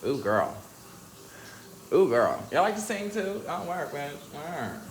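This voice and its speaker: A young man chatting casually to his viewers, sassy and slangy, breaking into laughs and high squeals. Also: big pitch swings, slow, noisy background. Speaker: vlogger.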